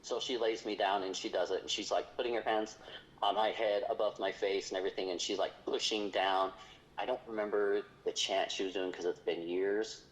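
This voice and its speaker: A man's voice: lowish voice, fairly even intonation, fairly quick, low-quality recording. A man, a podcast guest, earnestly telling a personal story in casual chat. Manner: earnest, retelling a story with quoted dialogue.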